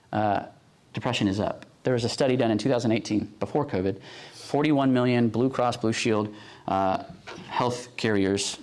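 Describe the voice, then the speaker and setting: A man preaching a sermon in a conversational way, with many fillers and tag questions, acting out quoted voices. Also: fairly low pitch. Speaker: pastor.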